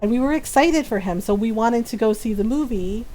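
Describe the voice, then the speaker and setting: A woman's voice: on the high side, expressive, fairly quick, dark tone, slight background noise. A woman streamer in casual chat on a live stream, telling an anecdote and laughing often as she acts out what people said. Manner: chatty storyteller, laughs often, acts out quotes. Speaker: game streamer.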